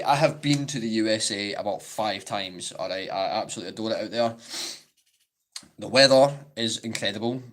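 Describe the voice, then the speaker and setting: A man's voice: lowish voice, a bit bright. A Scottish man in his twenties chatting casually on a live-stream Q&A, rambling and saying "like" a lot.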